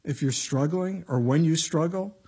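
A middle-aged male pastor preaching a sermon in a conversational way, acting out quotes with lively voices. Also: on the high side, moderate pace, husky.

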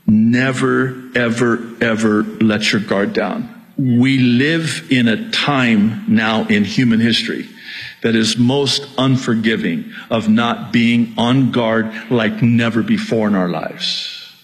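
A man's voice: medium pitch, fairly even intonation, slow pace, rough recording. A middle-aged male pastor preaching a sermon, exhorting and repeating his key points, with jokes at his own expense.

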